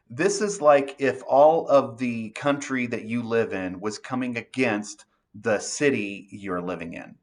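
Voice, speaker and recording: A man's voice: mid-range voice, measured pace, hardly any pauses. A male pastor preaching an earnest sermon, reading scripture aloud and applying it to listeners.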